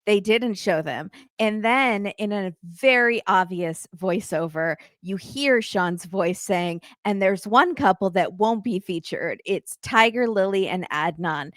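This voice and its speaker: A woman hosting a casual recap chat, telling the story with lively acted-out quotes and free swearing. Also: fairly low pitch, no echo, studio quality. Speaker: podcast host.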